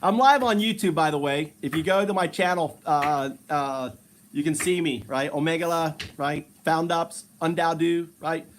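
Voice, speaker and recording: A man's voice: on the high side, normal speed, slight background noise. A man hosting a casual live stream, chatting with strangers in a playful, teasing way and laughing often.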